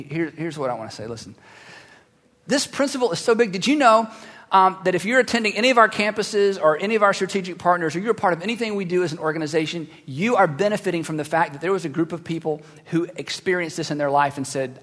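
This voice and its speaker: A male pastor preaching a sermon, acting out the Bible dialogue and swinging from hushed asides to loud, animated bursts. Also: high-pitched, fast, long reverb tail.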